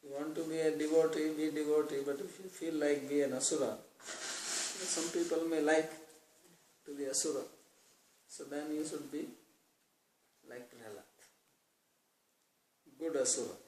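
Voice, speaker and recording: A man giving a devotional scripture class. He explains verses through everyday examples and chants the verses slowly. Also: a little high, fairly even intonation, darkish tone, a little hiss or hum. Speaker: lecturer on scripture. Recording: roomy, distant mic, faint ambience.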